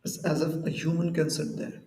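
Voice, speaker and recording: A man's voice: on the high side, monotone, moderate pace, dark tone, roomy sound, far from the mic, poor audio. A man giving a devotional lecture at a temple, talking conversationally and explaining with everyday examples and acted-out quotes. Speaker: temple speaker.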